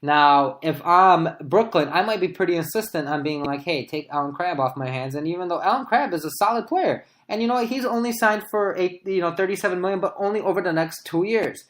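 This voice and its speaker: A man co-hosting a sports podcast, thinking aloud in casual debate as he pitches hypothetical trades. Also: a little fast, few pauses, fairly bright tone. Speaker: podcast co-host.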